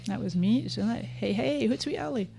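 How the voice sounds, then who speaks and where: Chatty Scottish-accented woman, fairly high voice. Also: expressive, moderate pace, gravelly, mellow, husky, faint music behind. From Canada. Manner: chatty and upbeat, talks directly to viewers. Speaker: host of a live social media training. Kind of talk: live-streamed software tutorial.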